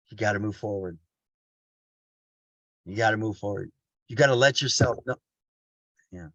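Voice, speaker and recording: A man's voice: lowish voice, fairly bright tone, dry recording. Blunt, repetitive man giving a motivational talk. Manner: blunt, casual, repeats lines for emphasis; addresses listeners as family. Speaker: motivational speaker.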